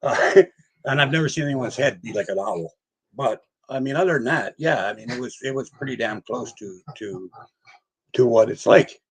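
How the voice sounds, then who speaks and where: An older man with a husky, slightly breathy voice tells stories in a loose, rambling way. He laughs easily and acts out the voices of people in his story. His pitch sits in an ordinary middle range. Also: normal speed. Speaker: guest paranormal investigator. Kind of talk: casual storytelling interview.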